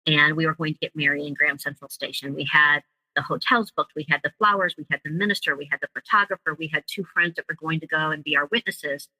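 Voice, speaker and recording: A woman guest in an interview tells her own story emotionally and vividly, acting out what others said as she recounts it. She talks fast in a low-pitched, pushed and bright voice. The recording is rough but has no echo.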